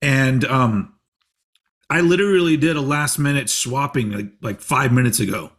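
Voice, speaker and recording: A man's voice: medium pitch, normal speed, fairly bright tone. A man in his forties hosting a podcast, telling rambling stories in casual chat, swearing and laughing often. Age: 40s. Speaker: podcast host.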